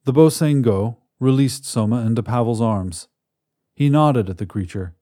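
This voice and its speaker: A man in scripted narration of a science fiction story, telling it in a measured, dramatic way on a close mic. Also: mid-range voice, mellow, no room sound.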